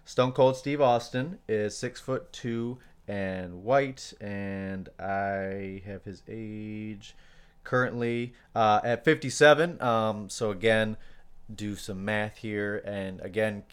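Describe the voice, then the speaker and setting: Casual podcast co-host: a man with a low, smooth voice who talks in halting bursts padded with ums. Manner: hesitant, many fillers, loses his place.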